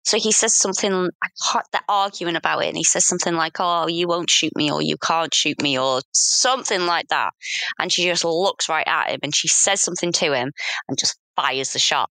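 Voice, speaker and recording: Bright-voiced teasing woman. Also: deep voice, a little fast, no echo. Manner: wry, teasing, swears casually. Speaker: podcast co-host. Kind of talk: casual film review chat.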